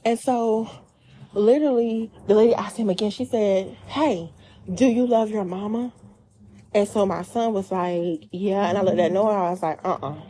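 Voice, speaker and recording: Lively woman telling a tense storytime. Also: medium pitch, normal speed, a little hiss or hum. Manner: animated storyteller, quotes herself and others in dialect-rich speech. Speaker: vlogger telling a personal story. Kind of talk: casual storytime.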